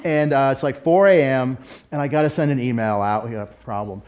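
Here a middle-aged pastor preaches in a conversational, self-deprecating, candid way, weaving in a personal story. His voice is mid-range and a touch mellow, and he talks a little fast.

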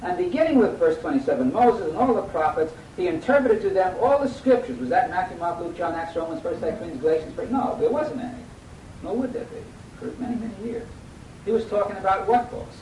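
A man preaching a sermon, reading scripture aloud and quizzing his listeners to finish the verses. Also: brisk. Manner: acts out lively quoted voices. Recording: echoey hall, mic at a distance, faint rumble.

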